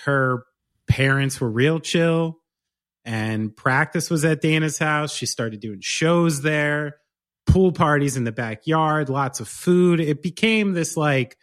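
A man co-hosting a podcast, chatting casually and telling stories in an animated, joking way. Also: medium pitch. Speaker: podcast co-host. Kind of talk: casual chat.

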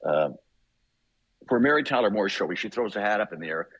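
An older man spins a long anecdote with lots of laughter and little acted-out voices. His voice is husky and fairly low, recorded close and dry. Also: a little fast, no room sound, muffled recording. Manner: lively, laughing, acts out quotes. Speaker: guest voice actor. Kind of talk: casual anecdotal storytelling.

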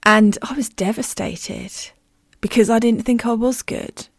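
A woman's voice: on the high side, steady tone, measured pace, no room sound, clean studio sound. A woman who hosts a podcast as a medium, telling stories in a candid, self-deprecating, casual way.

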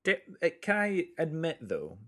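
A man co-hosting a podcast in casual chat, animated and playful, sometimes singing a line as a joke. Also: a little high, moderate pace. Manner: animated, playful, sings lines in a jokey tone. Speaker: podcast co-host.

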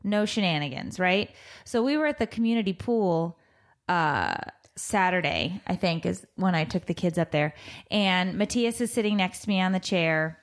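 A woman in her thirties co-hosting a casual chat show, telling a story about her kids with lively energy and raising her voice when she acts out what she said. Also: lowish voice, moderate pace. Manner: animated, loud when quoting herself. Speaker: podcast co-host, mother.

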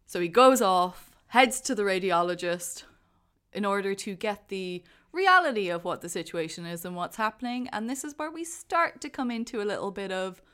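An animated woman co-hosts a relaxed conversation about a film. She gets swept up when retelling favorite moments, her voice climbing as she acts them out. Her pitch sits in an ordinary middle range. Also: moderate pace, clean tone. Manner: animated, acts out quotes with rising excitement. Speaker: podcast co-host. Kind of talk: casual chat about a film.

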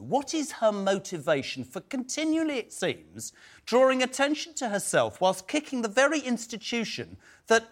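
A man hosting a TV debate, asking pointed questions in an emphatic, animated way. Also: sits high. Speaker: stand-in talk show host.

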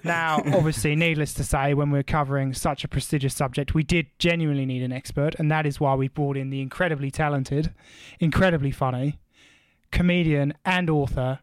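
A man's voice: on the high side, steady tone, a little fast, clear, resonant tone, dry recording. A man hosting a podcast in a joking, rambling way. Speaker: podcast host. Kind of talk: casual podcast chat.

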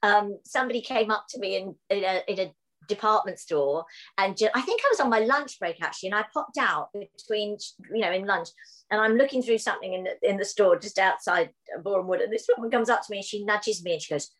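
A woman's voice: medium pitch, fast, low-quality recording. A middle-aged woman, an actress, chatting in an interview and acting out the voices of people in her stories. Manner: animated storyteller, acts out voices in anecdotes. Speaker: actress guest. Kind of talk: casual interview chat.

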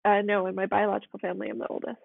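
A woman's voice: medium pitch, flat delivery, rapid-fire, gravelly, no room sound. A woman caller chatting casually over the phone, giving short answers and laughing easily. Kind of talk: casual chat. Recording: tinny phone line.

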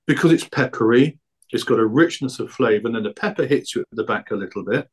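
A man's voice: mid-range voice, lively intonation, quick pace, slightly rough. Chatty man, enthusiastic food producer guest. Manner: enthusiastic, chatty about his own produce. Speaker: guest, black pudding producer. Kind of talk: casual podcast interview.

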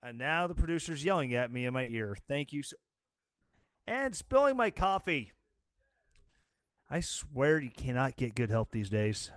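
A tired male host rants through his show in a rambling, sarcastic way, often slipping into mocking voices. His voice sits at a middle pitch and is recorded dry and close, with no room sound around it. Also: sing-song, measured pace, long pauses, a bit bright, dry recording. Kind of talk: casual political rant.

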